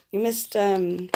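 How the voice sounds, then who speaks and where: A woman's voice: mid-range voice, heavy background noise. A young woman, chatting on a live stream, giggling and swearing as she rambles. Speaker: livestreamer. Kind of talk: casual live stream chat.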